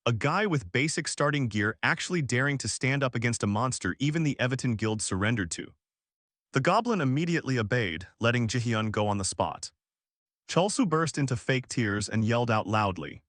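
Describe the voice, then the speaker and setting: A man narrating a scripted fantasy story recap with lively storytelling. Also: medium pitch, a little fast, no echo, clean studio sound.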